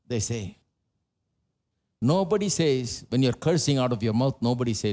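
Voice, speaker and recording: A man from India with an Indian English accent, preaching a live church sermon, climbing to loud emphatic peaks and dropping back to low, chatty asides. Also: sing-song, moderate pace, pauses often. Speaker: pastor.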